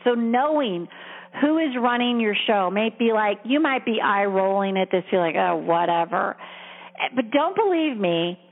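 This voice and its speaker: A woman's voice: a little high, expressive, moderate pace. A woman career coach talking in an earnest, encouraging, conversational way, heard over a tinny phone-like line with long reverb. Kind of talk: coaching talk.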